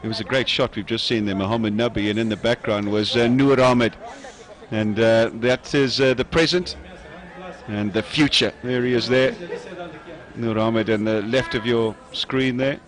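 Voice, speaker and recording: A man giving live cricket commentary in a measured way, often pausing with "uh" between phrases. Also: mid-range voice, fairly even intonation. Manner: measured, frequent "uh" pauses.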